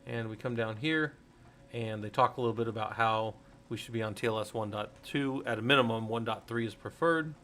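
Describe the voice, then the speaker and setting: A man's voice: medium pitch, a little fast, a bit bright, slight background noise. A middle-aged man hosting a casual teaching stream, rambling and interrupting himself, laughing at his own jokes. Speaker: host.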